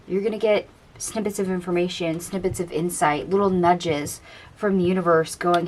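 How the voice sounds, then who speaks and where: A woman giving a casual tarot card reading, chatty and dreamy, musing aloud over the cards in a gentle, encouraging way. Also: fairly low pitch, steady tone, normal speed, hardly any pauses, slight background noise. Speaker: tarot reader.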